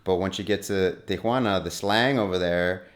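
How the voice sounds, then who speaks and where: A middle-aged man from Wyoming, talking as an actor guest in a relaxed, rambling interview with many restarts. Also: low voice, moderate pace. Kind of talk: casual interview conversation.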